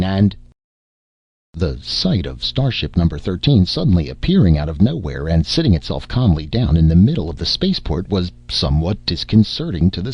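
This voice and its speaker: A man narrating a science fiction story in a dramatic, expressive reading. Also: low voice, slightly rough, no echo. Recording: dull, dry lo-fi recording.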